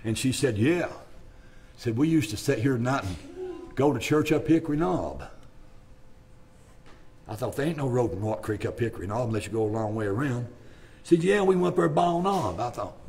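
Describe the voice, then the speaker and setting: A man's voice: mid-range voice, lively intonation, fairly quick, a little mellow. A middle-aged male pastor, preaching a folksy, rambling revival sermon in a church and repeating "my friend" and "bless God" throughout. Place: church sanctuary.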